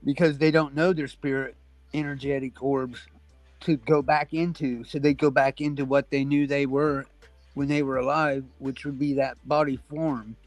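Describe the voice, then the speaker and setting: A man in a relaxed chat, reflective and hedging as he talks things through. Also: medium pitch, normal speed, no echo, faint music behind. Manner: reflective, hedging, talks about spirit beliefs. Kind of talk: casual chat.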